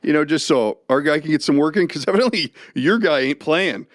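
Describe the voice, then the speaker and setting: Animated storytelling man, dry close sound. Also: fairly high pitch, fairly quick, no echo. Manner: animated storyteller, laughs often. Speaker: podcast co-host. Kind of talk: casual chat.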